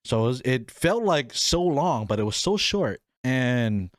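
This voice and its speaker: A man's voice: mid-range voice, big pitch swings, a little slow, no room sound, studio quality. A young man hosting a podcast and telling a family story in a casual way. He talks with animation and acts out the people in it, raising his voice for them. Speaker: podcast host.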